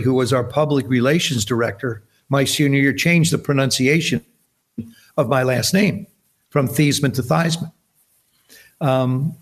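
A man in his seventies from New Jersey, a podcast guest telling stories in casual chat and acting out the voices in them. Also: fairly high pitch. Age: 70s. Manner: animated storyteller acting out quoted dialogue.

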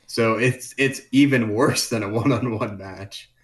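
A man co-hosting a podcast in casual chat, hesitant and halting as he corrects details. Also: mid-range voice, fairly bright tone. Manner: hesitant, many fillers and restarts. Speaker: podcast co-host.

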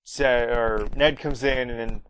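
A man talks through an episode recap in a loose, rambling way, leaning on lots of fillers. His voice sits at a middling pitch, with faint noise in the background. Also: steady tone, measured pace, fairly bright tone, low-quality recording. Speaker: podcast host recapping an episode.

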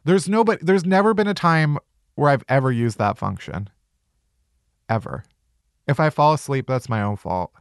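A woman's voice: extremely low pitch, animated, moderate pace, pauses often, no room sound, faint music behind. Sarcastic ranting woman host. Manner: sarcastic, ranting, swears for comic effect. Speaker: podcast host. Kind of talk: casual comedic chat.

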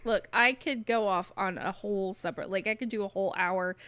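Woman, podcast co-host, forceful bright voice, emphatic and laughing, dry recording. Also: mid-range voice, fairly quick, dry recording. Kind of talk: casual chat.

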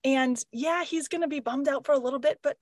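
A woman's voice: sits high, fairly quick, no room sound. A woman in her thirties, a mother of three and a professor, chatting casually and acting out what others say, laughing often. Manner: animated, acts out quoted voices, laughs often. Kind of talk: casual chat.

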